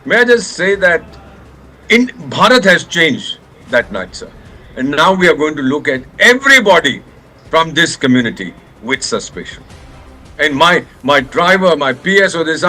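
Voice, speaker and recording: A man's voice: on the high side, sing-song, moderate pace, pushed and bright, poor audio. An older man with an Indian accent, a former ambassador speaking as a guest in a live news interview, angry and impassioned, slipping Hindi phrases into his English.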